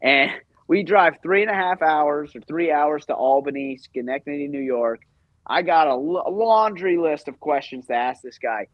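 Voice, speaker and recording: A man's voice: on the high side, normal speed, no echo. A man in his thirties, a podcast guest, telling a long story in a loose, rambling way with lots of fillers. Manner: rambling, filler-heavy, animated retelling. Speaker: podcast guest, hockey coach. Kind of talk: casual storytelling interview. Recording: dry, slightly dull podcast audio.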